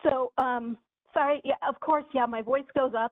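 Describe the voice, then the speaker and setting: Angry high-voiced woman on a phone line. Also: steady tone, no echo. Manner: angry, impassioned, halting. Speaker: public commenter calling in. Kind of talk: public comment by phone. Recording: phone-like dry call audio.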